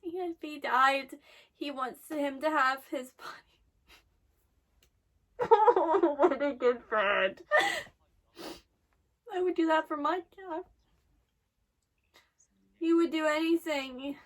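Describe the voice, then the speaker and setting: A woman's voice: high voice, takes it slowly, pauses often, fairly bright tone. A woman giving emotional reaction commentary while watching an anime, swearing and exclaiming.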